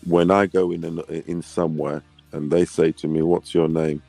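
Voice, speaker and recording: A man's voice: low voice, level tone, normal speed, creaky, warm tone, no echo, faint music behind. A man who grew up outside England and lives there, chatting on a casual panel, rambling with restarts and often asking "do you get me?". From not English, lives in England. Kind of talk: casual podcast chat.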